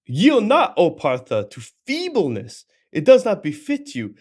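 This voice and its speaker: Stern divine charioteer, rousing and emphatic, put on by a young man reading scripture, pitched well up, slow and loud. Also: wildly swooping pitch, husky, heavily acted. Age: 20s. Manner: emphatic, declaiming, raised and loud.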